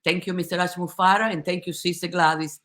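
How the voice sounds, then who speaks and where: A woman's voice: fairly low pitch, little pitch movement, fast, a bit bright. A woman giving a heartfelt, impassioned testimony in a group conversation, emotional and often restarting her sentences. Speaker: company supporter giving a testimony.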